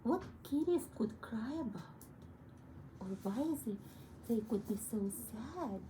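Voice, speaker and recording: A woman teaching a young child piano, gently coaxing and encouraging her through each step. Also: fairly high pitch, expressive, measured pace, noisy background. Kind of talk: one-on-one children's piano lesson. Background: piano playing.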